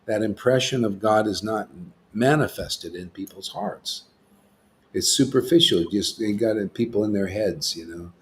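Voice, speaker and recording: A man's voice: lowish voice, normal speed, slight background noise. A man hosting a casual spiritual discussion, rambling and often saying "see" and "you know.". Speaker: host.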